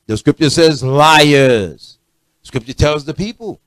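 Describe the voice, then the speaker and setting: A man's voice: slow, dry recording. Preacher, male, fiery and confrontational, dry close recording. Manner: animated preaching, swings from low murmurs to loud rebukes; blunt, confrontational street-style preaching. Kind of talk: sermon.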